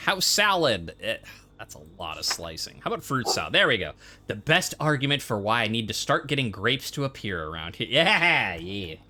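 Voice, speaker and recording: A man's voice: mid-range voice, normal speed. A man giving casual, rambling commentary while playing a game, full of joking asides. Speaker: game player. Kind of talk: casual let's-play commentary. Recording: steady background noise.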